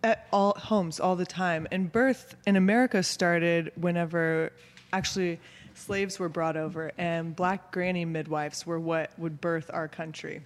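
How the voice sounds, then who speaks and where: A man explaining in a casual talk, agreeable and quick to back others up. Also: on the high side, steady tone, big-room sound. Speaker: birth professional guest.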